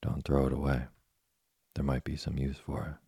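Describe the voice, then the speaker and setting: A man voicing a patient, kind old woodcarver father in a storybook reading, gentle, calm and moralizing. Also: a bass voice, normal speed, no echo, clean studio sound, full character voice. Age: older. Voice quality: gravelly, husky.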